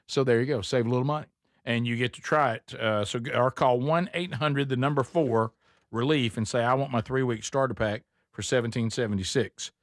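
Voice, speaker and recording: A man's voice: medium pitch, brisk, no room sound. Man hosting a talk show, dry studio sound. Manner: rambling storyteller, restarts and repeats words. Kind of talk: casual chat and live ad read.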